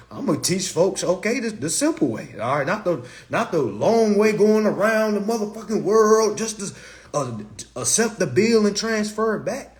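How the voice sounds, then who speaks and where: Animated, profane man ranting on a live stream. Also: sits high, normal speed. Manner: blunt, profane, animated, with rhetorical questions. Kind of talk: casual live stream rant.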